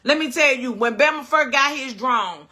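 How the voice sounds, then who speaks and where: A middle-aged woman, hosting a casual cooking livestream, firing off animated rhetorical questions. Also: high-pitched, normal speed. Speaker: cooking show host.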